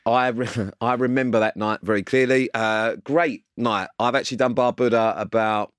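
A man's voice: mid-range voice, fairly even intonation, normal speed, clean tone, no room sound. A man in his thirties co-hosting a podcast in casual chat, ribbing his partner with dry, teasing banter. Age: 30s. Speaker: podcast co-host.

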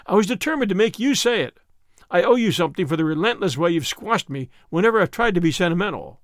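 A blunt young man, bossy and a touch sarcastic, fairly high and lively in pitch, as a male reader plays him. The audiobook is recorded in a close, dry space. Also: quick pace, no echo. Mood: fond.

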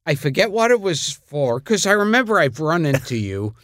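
A man co-hosts the studio show and tells anecdotes with plenty of laughter. His voice swings widely in pitch and sounds bright and sharp. The sound is dry and close. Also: moderate pace, no room sound. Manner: animated storyteller, laughing. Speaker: co-host. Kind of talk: casual chat.

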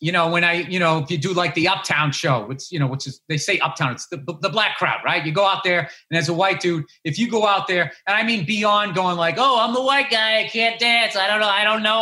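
High, bright, worked-up middle-aged man. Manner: ranting, worked-up storyteller. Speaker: guest comedian. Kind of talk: casual podcast chat.

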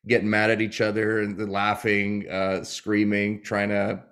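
Lively, chatty man telling stories. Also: lowish voice, unhurried. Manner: animated storytelling, laughing often. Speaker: comedian guest. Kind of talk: casual chat.

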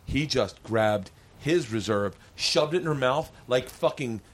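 Slightly slow and medium in pitch, this man hosts a podcast and recounts a story with plenty of profanity and animation, performing the different voices himself. A little hiss or hum sits under the audio.

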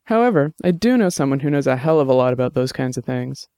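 A friendly young cop, easygoing and quick to laugh, as a man reads him. The voice is smooth and resonant, placed close and dry in an audiobook. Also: mid-range voice, expressive, warm tone, no room sound, close to an everyday voice.

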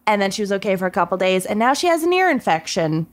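A woman's voice: mid-range voice, big pitch swings, fast. A woman, co-hosting a podcast in a chatty, stop-and-start way with frequent laughter. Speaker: podcast co-host. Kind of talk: casual chat.

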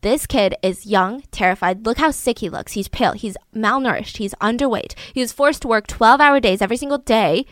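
A woman casually retelling a true crime story, animated, acting out the people she quotes. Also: brisk, few pauses, no echo. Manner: animated, acts out quotes with raised pitch and volume.

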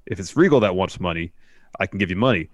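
A man's voice: deep voice, lively intonation, fast, no room sound. A man co-hosting a casual show, steadily retelling events with small fillers. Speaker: podcast co-host. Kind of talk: casual recap narration.

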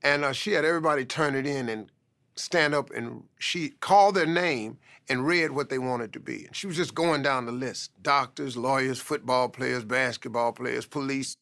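A man's voice: mid-range voice, normal speed, creaky, fairly bright tone. A man telling a life story in an emphatic motivational style, often stressing points with "man".

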